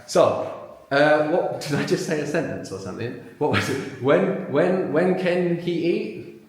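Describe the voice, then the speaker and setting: A man leading a live workshop, prompting the audience with questions and explaining in quick bursts. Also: fairly high pitch, expressive. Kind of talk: live classroom teaching. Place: large room with a live audience. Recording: very echoey room.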